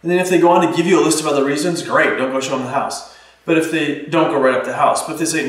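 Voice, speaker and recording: A man's voice: fairly high pitch, fairly quick. A man coaching real estate agents, talking energetically and acting out little client dialogues as he teaches. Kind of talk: instructional talk with role-play examples. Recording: echoey room, distant mic.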